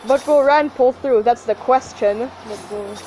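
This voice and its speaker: A woman's voice: on the high side, a little slow, noisy background. A young woman reacting to her mobile game pulls, pleading and shrieking at the screen. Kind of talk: gacha pull reaction commentary.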